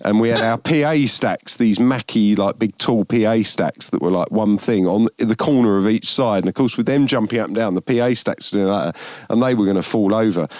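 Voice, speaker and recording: A man's voice: lowish voice, brisk, darkish tone, no echo. A British man chats casually as host of an online stream. He rambles through his anecdotes and laughs as he goes. The recording is dry, with no room sound. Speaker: band member hosting a stream. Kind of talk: casual chat.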